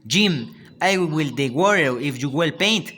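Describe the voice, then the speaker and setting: A man's voice: on the high side, lively intonation, measured pace, sharp tone, slight background noise. A man with a Spanish accent, a native Spanish speaker, voicing a scheming clever young boy in a read-aloud storybook. He speaks emphatically and stumbles now and then. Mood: pleading.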